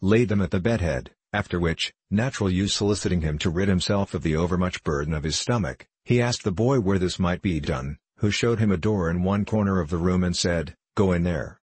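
A male narrator reads an old tale in measured, archaic storytelling. His voice is low and husky. The sound is dry and close. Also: a little mellow, no room sound. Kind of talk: scripted narration of a classic tale.

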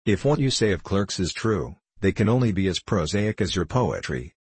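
Man reading a young male poet, impassioned, declamatory, deep voice, dry sound. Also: expressive, moderate pace, breathy edge, dry recording, heavily acted. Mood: declaiming. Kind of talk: audiobook character reading.

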